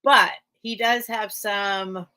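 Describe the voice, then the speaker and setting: A woman's voice: mid-range voice, steady tone, slow pace, sharp tone, slight background noise. An American woman hosting a live sale stream, chatting casually and rambling, with frequent laughs. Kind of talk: casual livestream chat.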